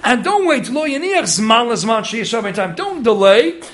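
A man giving an animated Torah study lecture. He urges his listeners on and mixes in many Hebrew and Yiddish terms. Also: extremely high pitch, moderate pace. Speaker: Torah teacher.

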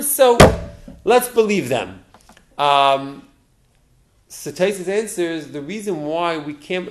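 A man teaching a Talmud lesson, explaining it step by step with rhetorical questions and frequent restarts. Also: sits high. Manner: halting, restarts words.

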